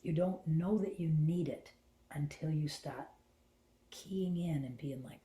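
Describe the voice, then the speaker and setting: A middle-aged woman hosting a spiritual talk, telling a personal story in an animated way and dropping into hushed whispers for her inner thoughts. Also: low voice, slow. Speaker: host and spiritual channeler. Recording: roomy echo.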